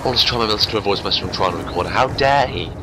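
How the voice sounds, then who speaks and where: A man's voice: fairly low pitch, rapid-fire, background noise. A man hosting a gaming channel with casual, rambling gameplay commentary and self-mocking jokes, talking through a sore throat.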